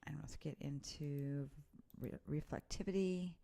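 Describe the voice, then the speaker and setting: A female weather presenter, low-voiced and a bit gravelly, takes a slightly slow pace on her casual live weather report. Reading off place names, she talks through the storm warnings in an easygoing, chatty way.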